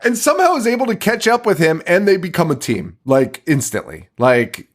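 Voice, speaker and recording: A male podcast host, loose and animated as he recaps a horror film. His voice swings widely in pitch and breaks into laughter often. He swears freely, in an easy chatty manner. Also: moderate pace. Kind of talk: casual movie recap chat.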